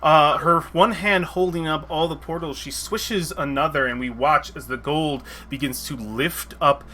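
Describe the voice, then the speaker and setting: A man narrating as game master of a tabletop game, halting and restarting often. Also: a little high, sharp tone, a little hiss or hum.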